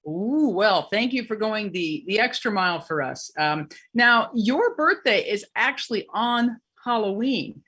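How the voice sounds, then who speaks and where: A woman's voice: mid-range voice, expressive, unhurried, few pauses, fairly bright tone, husky. A woman hosting a virtual storytelling show in a joking witch persona, rambling and hammy over a video call. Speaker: emcee in witch character.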